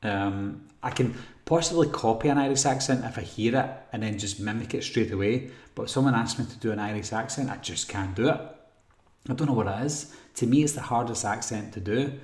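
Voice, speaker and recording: Male host, lowish voice, rambling live chat reads, roomy echo. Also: brisk. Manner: relaxed, rambling, frequent ums and throat clearing. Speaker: horror channel host answering live chat. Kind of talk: casual live stream Q&A.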